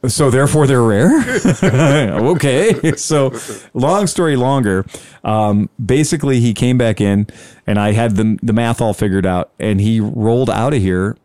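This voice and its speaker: A man's voice: mid-range voice, a little slow, a little mellow, no echo, studio quality. A man telling a long sales story in casual chat, acting out both sides of the conversation. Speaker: scooter dealer telling a story.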